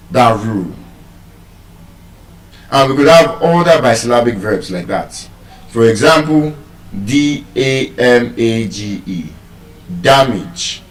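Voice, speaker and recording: A man giving a pronunciation lesson, speaking slowly and deliberately, pausing and repeating words for emphasis. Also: mid-range voice. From Nigeria. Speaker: teacher giving a pronunciation lecture. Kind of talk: classroom lecture, explaining and spelling out words. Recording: roomy echo, voice from a distance.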